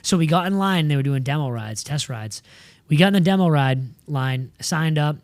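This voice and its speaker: A young adult man recounting a story in loose, animated podcast chat. His voice sits a little high, and he swears freely and keeps calling people "dude." The sound is dry and close, with no room around it. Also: moderate pace, dry recording. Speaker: podcast regular. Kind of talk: casual storytelling.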